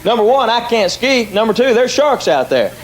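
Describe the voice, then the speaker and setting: A man's voice: very high-pitched, sing-song, normal speed. A middle-aged man with a Southern American accent, telling stand-up comedy stories in a drawling, conversational way and bantering with the crowd. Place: comedy stage before a live audience. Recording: live stage recording with loud crowd laughter and noise.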